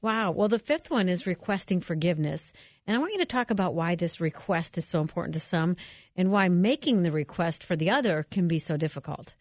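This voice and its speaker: A woman hosting a radio talk interview, affirming her guest and moving briskly on to the next point. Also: fairly low pitch, expressive, a little mellow, no room sound. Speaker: radio show host.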